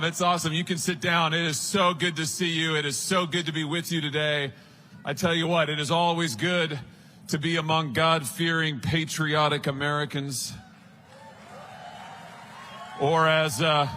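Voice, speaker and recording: Forceful, bright-voiced man rousing a crowd. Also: on the high side, slight background noise. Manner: emphatic, repetitive, talks straight to the crowd. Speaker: political speaker at a conference. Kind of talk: rousing political rally speech.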